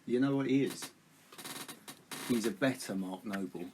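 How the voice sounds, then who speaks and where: A man's voice: medium pitch, normal speed, a little mellow, a little hiss or hum. A man chatting opinionatedly about football as a podcast guest. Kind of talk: casual football chat. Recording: crowd chatter behind. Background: crowd chatter.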